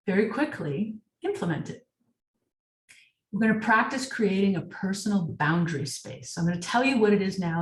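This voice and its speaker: A woman coach teaches leadership in an emphatic webinar talk, often asking her audience rhetorical questions. Her voice is mid-pitched. It sounds echoey and a little distant from the mic.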